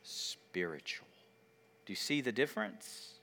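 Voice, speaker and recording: A man preaching a sermon, asking the congregation questions and swinging between loud emphasis and quiet, drawn-out words. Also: fairly high pitch, animated. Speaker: pastor.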